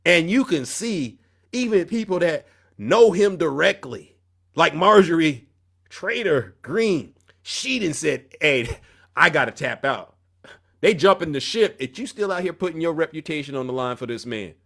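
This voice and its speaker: A man's voice: a little high, animated, normal speed, creaky, a bit bright. Confrontational male live-stream host, fiery. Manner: confrontational, preachy, addresses chat directly. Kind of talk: heated political live stream rant.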